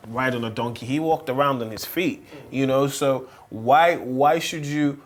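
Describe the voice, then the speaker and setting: A man's voice: mid-range voice, a little slow. Emphatic man who repeats words. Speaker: pastor's child on a panel. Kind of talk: candid panel discussion.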